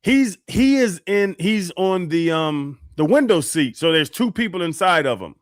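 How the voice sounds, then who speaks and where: Animated male radio storyteller. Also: high voice, unhurried, no room sound, studio quality. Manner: animated storyteller, acts out quotes. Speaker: radio show co-host. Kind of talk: casual storytelling on sports radio.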